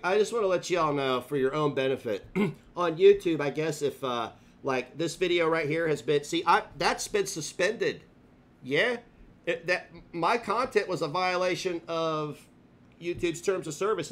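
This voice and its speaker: A man's voice: on the high side, a bit bright. A male live streamer delivering a profane, confrontational rant full of taunts. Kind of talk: livestream rant.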